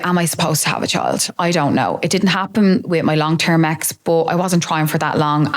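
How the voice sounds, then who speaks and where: A woman in her late thirties, possibly, talking openly and reflectively about her own life as a podcast host. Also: lowish voice. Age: 30s. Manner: open, reflective, confiding. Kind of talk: candid personal monologue.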